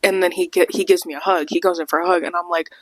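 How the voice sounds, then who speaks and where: Speaking quickly in a lowish register, a young female podcast host tells a casual story, laughing often and acting out quotes with lots of animation. There's no echo on the recording.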